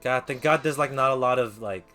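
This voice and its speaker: A man's voice: mid-range voice, brisk, sharp tone, soft background music. A man streaming a game, mumbling casual self-deprecating asides.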